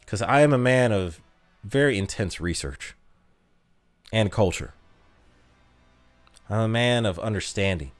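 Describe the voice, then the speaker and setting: A man's voice: on the low side, lively intonation, unhurried, long pauses, faint music behind. An American man streaming a mobile game, reading chat aloud and joking about his own pronunciation. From United States. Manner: reads chat aloud, joking, playfully self-deprecating. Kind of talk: casual live-stream chat.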